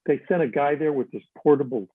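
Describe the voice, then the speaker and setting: A man's voice: fairly high pitch, fast, slightly rough, no echo. Older man, tinny phone-like line. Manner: animated, acts out quotes in shifting voices. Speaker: guest. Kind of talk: casual storytelling chat.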